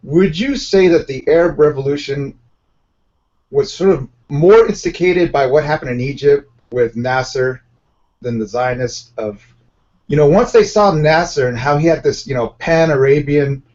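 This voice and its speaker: Male co-host, mid pitch, rambling and halting, lo-fi audio. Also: darkish tone. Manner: rambling, many uh fillers. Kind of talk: casual talk show debate. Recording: lo-fi stream audio.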